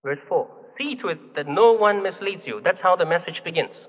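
A man preaching a sermon in a measured, emphatic teaching manner, asking rhetorical questions. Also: high-pitched, animated. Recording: phone-like, long hall reverb.

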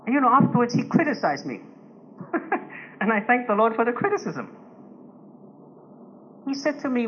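A man preaching a conversational sermon to a congregation, telling personal stories gently and with humor, chuckling now and then. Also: high-pitched, sing-song, moderate pace, pauses often. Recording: dull lo-fi recording with faint noise.

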